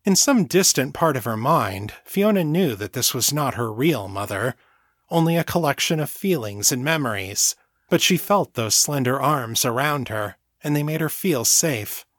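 Guy reading a novel chapter aloud, even measured pace, mid voice. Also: mid-range voice, dry recording, clean studio sound. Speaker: audiobook narrator. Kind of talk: scripted narration.

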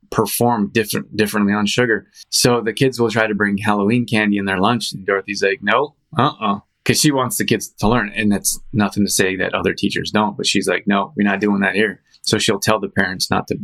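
A man hosting a show, chatting casually in a rambling, animated storytelling way with frequent restarts and fillers. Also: on the low side, a little fast, hardly any pauses. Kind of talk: casual chat.

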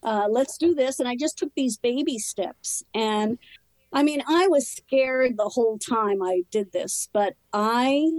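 A woman telling her personal recovery story in conversation, candid and earnest, in short halting phrases. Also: medium pitch, a little mellow, no echo, rough recording. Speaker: interview guest.

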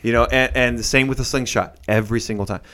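Rambling, animated male podcast co-host. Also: mid-range voice, fast talker. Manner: rambling, animated, full of restarts. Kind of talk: casual chat.

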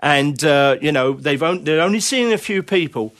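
Middle-aged male guest, slightly high voice, chatty rambling storyteller. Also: lively intonation, moderate pace, fairly bright tone. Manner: rambling anecdotes with many fillers and laughter. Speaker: interview guest, drummer. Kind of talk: casual conversational storytelling.

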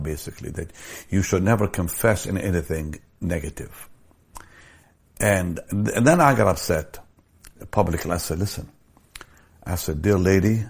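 A man's voice: deep voice, darkish tone, husky. An older man preaching a sermon, telling a story from his ministry and pressing his points with emphatic stresses.

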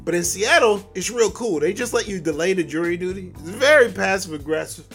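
A man's voice: sits high, lively intonation, a little fast, fairly bright tone, faint music behind. A man hosting a solo podcast, talking loosely and joking, often breaking into laughs. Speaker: podcast host. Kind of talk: casual solo podcast monologue.

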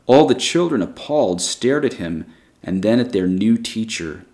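A man narrating a story aloud in a measured, even storytelling manner. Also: fairly low pitch. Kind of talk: storybook reading.

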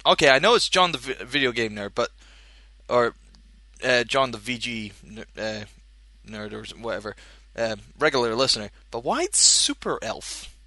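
A man's voice: mid-range voice, animated, moderate pace, sharp tone, no room sound. A man hosting a podcast, chatting casually and jokily, rambling with many fillers. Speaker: podcast host. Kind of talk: casual chat.

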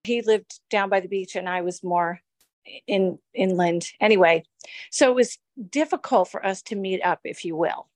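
A woman's voice: mid-range voice, normal speed, darkish tone, dry recording. A woman in her forties casually recounting her own story in an interview, rambling and acting out bits of dialogue. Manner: rambling, with frequent restarts and quoted dialogue. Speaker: victim telling her story.

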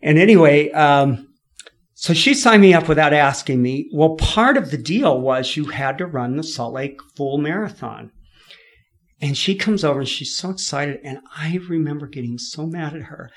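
A man from California, a podcast guest, telling his story in a lively way, laughing often and acting out what people said. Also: fairly high pitch, normal speed. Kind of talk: storytelling in an interview.

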